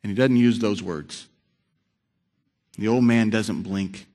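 A man preaching a sermon, telling a story with dramatic shifts between loud and hushed delivery. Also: lowish voice, slow, long pauses.

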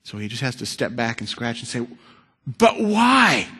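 A man preaching a sermon, telling a story with dramatic shifts between loud and hushed delivery. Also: mid-range voice, little pitch movement, fast talker, breathy edge.

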